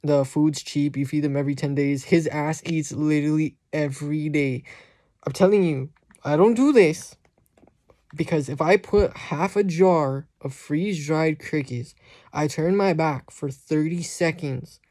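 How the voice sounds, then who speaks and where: A man's voice: fairly high pitch, measured pace, mellow, no room sound, clean studio sound. A young man vlogging about pet care in a rambling, slangy way, often laughing. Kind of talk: casual vlog chat.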